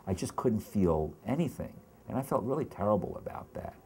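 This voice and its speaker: An older man giving an oral history interview, speaking in a halting, reflective way with many restarts. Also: lowish voice, very animated, darkish tone, slight background noise.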